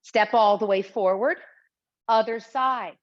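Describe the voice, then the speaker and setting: A woman teaching a chair exercise class, calmly and steadily cueing each breath and movement. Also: fairly high pitch, slow pace. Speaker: Pilates instructor. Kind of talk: guided exercise class instruction. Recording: slightly dull lo-fi sound.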